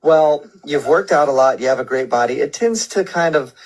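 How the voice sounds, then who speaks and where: A man hosting a radio show, running a deadpan prank phone call in a calm, mock-polite customer-service manner. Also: fairly high pitch, normal speed.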